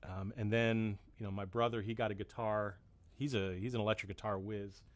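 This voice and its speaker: A man's voice: lowish voice, fairly even intonation, a little fast, dry recording. Chatty middle-aged man, dry sound. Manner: rambling, self-deprecating, many restarts. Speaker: musician guest. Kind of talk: casual chat.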